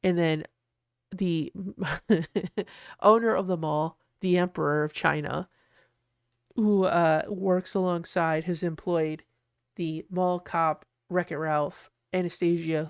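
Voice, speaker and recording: Gravelly, rambling host in a dry, close recording. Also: medium pitch, steady tone, takes it slowly, no room sound. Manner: rambling, self-interrupting, laughs often. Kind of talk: casual commentary while designing.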